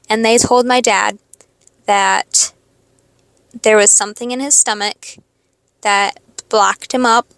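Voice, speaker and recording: A woman's voice: a little high, a bit bright, no room sound. A young woman hosting a podcast, telling a rambling, expletive-laden personal story in a casual confessional monologue. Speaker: podcast host.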